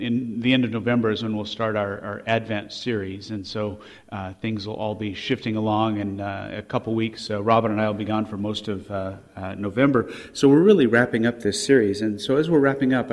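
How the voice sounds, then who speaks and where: A man's voice: fairly low pitch, a little fast, few pauses. A man preaching a sermon with emphasis, his voice rising on quoted scripture, with fillers and restarts between points. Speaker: pastor. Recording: long hall reverb.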